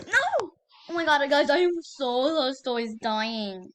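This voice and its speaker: A young woman hosting her own gaming channel, giving casual gameplay commentary in an excitable way, repeating exclamations and using lots of fillers. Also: sits high, normal speed, clean tone. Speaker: gaming YouTuber.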